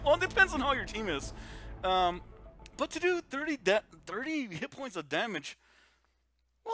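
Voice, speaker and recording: Giggly high-voiced streamer guy. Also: sharp tone. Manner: giggly and chatty, laughs often, calls viewers dude. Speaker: game streamer. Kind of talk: casual live-stream chat, reading viewer comments aloud.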